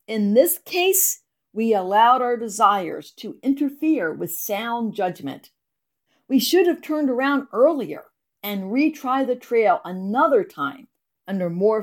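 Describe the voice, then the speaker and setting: A woman reading her ministry blog, unhurried and lively, earnest devotional storytelling. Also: medium pitch. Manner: expressive, earnest storytelling read.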